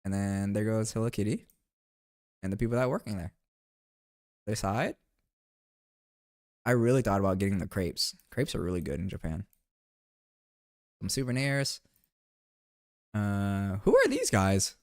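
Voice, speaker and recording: A young streamer recaps a trip, chatting casually over his photos in a rambling, playful way, saying "bro" a lot and asking viewers to weigh in. His voice is fairly low, his pace measured with long pauses, and the recording is clean studio sound with no echo.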